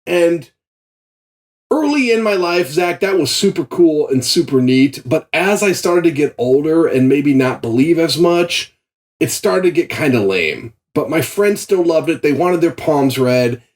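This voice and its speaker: A man's voice: a little high, measured pace. A man, a comedian guest, telling stories in casual podcast chat and laughing often. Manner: animated storytelling, laughs often.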